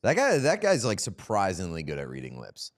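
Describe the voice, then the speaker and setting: Joking male co-host, slightly low voice, casual hockey talk. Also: wildly swooping pitch, fairly quick. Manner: joking, laughs often. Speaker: podcast co-host. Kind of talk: casual hockey watchalong chat.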